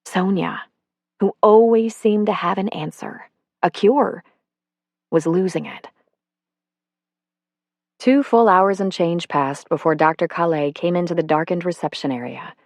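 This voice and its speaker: A woman's voice: lowish voice, unhurried, long pauses, no room sound. Woman narrating a novel in a dry, close voice. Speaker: audiobook narrator.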